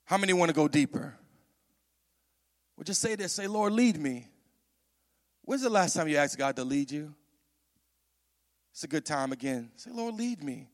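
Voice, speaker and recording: A man with a high, light voice preaches to his congregation, animated and repeating himself as he calls out questions. The sound carries a long reverb from a church hall. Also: moderate pace, pauses often. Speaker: pastor. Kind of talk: sermon.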